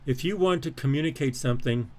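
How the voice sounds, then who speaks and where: A male professor going over his syllabus on a live stream, with a voice that sits at an ordinary middle pitch. He rambles, restarts sentences, fills gaps with "uh" and "um", and repeats the same phrases for emphasis. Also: fast, darkish tone. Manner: rambling with frequent fillers and restarts. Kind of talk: live-streamed lecture walking through a syllabus.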